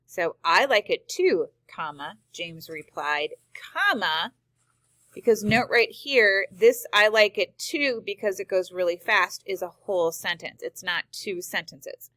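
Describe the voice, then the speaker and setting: A woman's voice: mid-range voice, lively intonation, measured pace, pushed and bright, dry recording. A woman teacher explaining punctuation rules step by step, reading example sentences aloud. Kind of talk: screen-recorded grammar lesson.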